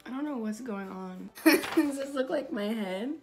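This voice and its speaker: A woman's voice: fairly high pitch, animated, a little slow, darkish tone. A woman makeup YouTuber chatting casually and rambling in self-deprecating asides while she draws. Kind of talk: casual vlog chat while drawing. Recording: background music.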